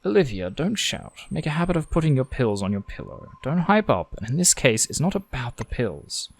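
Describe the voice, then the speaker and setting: A man's voice: medium pitch, sing-song, brisk, creaky. A man doing a weary, distracted husband. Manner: dismissive, tired.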